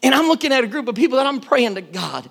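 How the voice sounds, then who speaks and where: A man's voice: very high-pitched, big pitch swings, quick pace, creaky. A male pastor preaching a sermon in a conversational, emphatic way, sometimes raising his voice. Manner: emphatic, conversational, loud at times.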